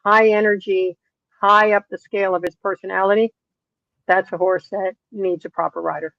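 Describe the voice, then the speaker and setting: A woman's voice: medium pitch, normal speed, creaky, dry recording. A middle-aged woman horse trainer and author, telling stories in an interview and acting out the people in them. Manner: lively storyteller acting out quoted dialogue. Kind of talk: interview storytelling. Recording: dull, dry lo-fi sound.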